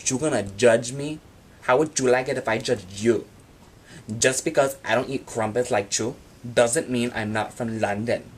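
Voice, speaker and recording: A man voicing a loud, defensive young man who rants at people who doubt him. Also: mid-range voice, normal speed, breathy edge, close to an everyday voice. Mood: indignant.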